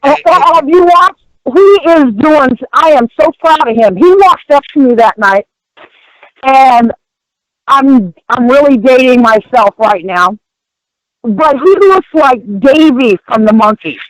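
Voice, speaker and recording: An older woman with a high voice tells wrestling stories with animated emphasis. Her voice is recorded close and dry, with no room sound around it. She talks casually and leans hard on key words. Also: measured pace, no echo, low-quality recording. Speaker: guest, former wrestler. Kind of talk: casual podcast chat.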